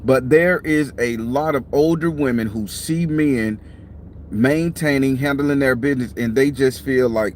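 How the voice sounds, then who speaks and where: Sitting in a parked car, a middle-aged man who reads tarot and hosts a channel speaks to camera in a casual, blunt way, yawning and sounding tired, with lots of profanity. He has a mid-range voice at a measured pace, picked up by a clip-on mic with a little hiss or hum.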